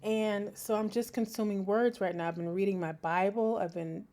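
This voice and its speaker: A woman's voice: mid-range voice, moderate pace. A middle-aged woman hosting her own podcast, talking reflectively and expressively. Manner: expressive, animated, breaks into laughter and sings snatches. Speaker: podcast host. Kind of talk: reflective solo podcast talk.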